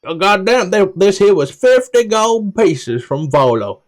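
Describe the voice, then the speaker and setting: A man with a Scottish accent voicing an excitable woman guide, exclaiming in a high, drawn-out voice. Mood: thrilled.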